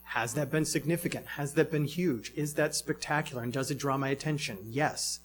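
A man's voice: fairly high pitch, brisk, faint music behind. A man preaching a sermon in a reflective way, asking many rhetorical questions.

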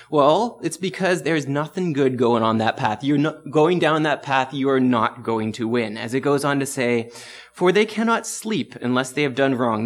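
A young man preaching a casual, conversational sermon, telling a story against himself and laughing at his own mistakes. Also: on the high side.

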